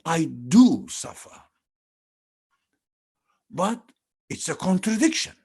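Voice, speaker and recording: A man with a gravelly, somewhat husky voice guides a study group through a religious text. He speaks slowly, with a lively, rising and falling pitch. He is earnest and emphatic, and his speech is halting as he searches for words. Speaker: study circle leader.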